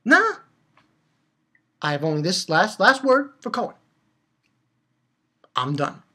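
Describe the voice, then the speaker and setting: A woman with a low-ish, husky, sharp voice speaks slowly in a sing-song way. Reviewing a manga chapter as an anime critic, she launches into a blunt, profane, heated rant, repeating points to underline them.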